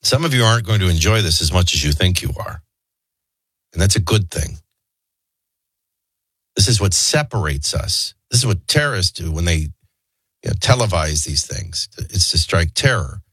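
Male talk radio host, husky and stuffed up, lively rambling delivery, dry close mic. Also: low voice, moderate pace, long pauses, no room sound. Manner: rambling, wry and conversational. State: stuffy and congested. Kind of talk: casual talk radio chat.

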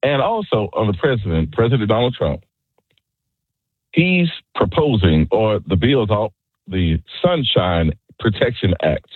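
Male radio caller, very low husky voice, dry tinny phone sound, halting stop-start delivery. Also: big pitch swings, no room sound. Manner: halting, repeats words while making his points. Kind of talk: call-in radio opinion.

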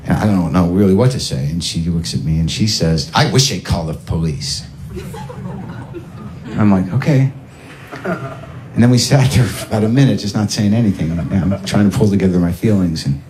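Animated stand-up comic man. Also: brisk, a little hiss or hum. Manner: animated, acts out voices with big pitch jumps. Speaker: stand-up comedian. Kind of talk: stand-up storytelling. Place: comedy club stage with audience.

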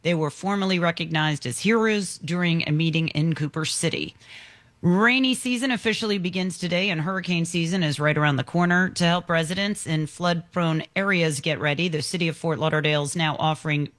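A woman's voice: lowish voice, fairly quick, fairly bright tone, dry recording. A woman in her fifties, a news anchor reading local stories and chatting with co-hosts. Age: 50s. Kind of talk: morning news reading and banter.

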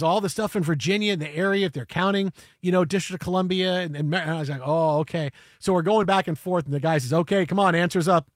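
A male radio host telling a story in animated chat, getting excitable and breaking into shouts and chants. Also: a little high, dry recording, studio quality.

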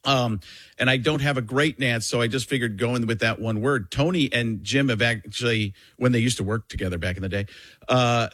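A man from Wisconsin, guesting on a radio show as a comedian, who tells stories with animation and often restarts mid-sentence. He talks at a middle pitch into a studio mic, and the sound is dry and close. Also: moderate pace, dry recording. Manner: animated storytelling, self-interrupting. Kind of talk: casual radio interview chat.

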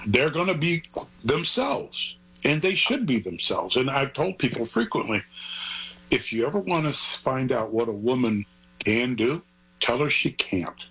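A man's voice: medium pitch, big pitch swings, measured pace, a bit bright, slightly rough, rough recording. An older man, a grandfather, talking as an author guest in an interview, rambling and earnest in a digressive way. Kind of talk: conversational interview.

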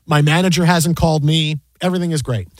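Speaking fast in a steady tone with a fairly high pitch, this middle-aged sports broadcaster guests on a podcast and tells a story casually. He plays out the quoted lines with many restarts, and there's no echo.

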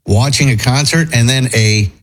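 A man's voice: mid-range voice, normal speed, poor audio. A man hosting a morning radio show, talking casually in a rambling, speculative way. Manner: rambling, speculative, animated storytelling.

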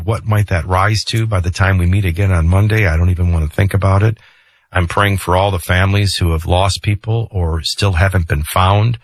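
A middle-aged man hosts a morning radio talk show, his fairly low voice close and dry on a studio mic. He talks emphatically and conversationally and often fills pauses with "uh". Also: a bit bright, dry recording. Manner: emphatic and conversational, with frequent fillers. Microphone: studio microphone.

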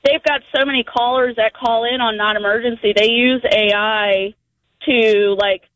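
A woman's voice: a little high, fairly even intonation, moderate pace, a bit bright, no room sound, low-quality recording. Easygoing Virginian woman calling in. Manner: chatty, easygoing, laughing. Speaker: caller, 911 dispatcher. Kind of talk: call-in to a radio show.

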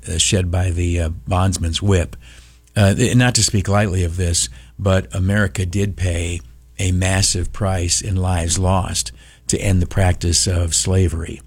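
A man's voice: deep voice, no echo. A man hosting a call-in talk radio show, frank and opinionated, with many filler sounds. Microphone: studio microphone.

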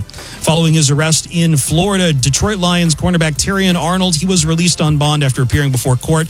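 Male sports update reader, brisk and informative, slightly high voice, faint music under him. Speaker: sports news update anchor.

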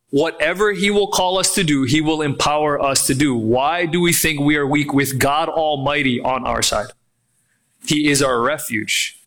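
Bright-voiced preaching man. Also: a little high. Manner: animated preaching, acts out quoted voices. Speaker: pastor. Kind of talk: sermon.

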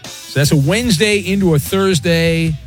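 Brash, high-voiced male radio host. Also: faint music behind. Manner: fast, joking, brash patter. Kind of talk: sports talk radio banter.

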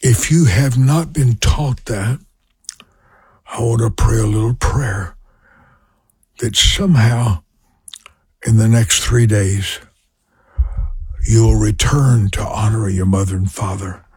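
An elderly evangelist in his eighties with a Louisiana drawl preaches in an unhurried, folksy way, his husky, breathy voice low in pitch. The sound is close and dry, with no room around it. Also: darkish tone, no echo. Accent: Southern US, Louisiana. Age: 80s. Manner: slow, folksy storytelling with prayer. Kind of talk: sermon with personal stories.

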